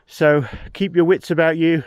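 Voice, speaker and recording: A man's voice: fairly high pitch, little pitch movement, moderate pace, a little mellow, clean tone, no room sound, muffled recording. A man vlogging hiking tips outdoors on a mountain trail, slightly out of breath, giving plain practical advice and repeating his main points. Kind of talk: outdoor vlog with tips to camera.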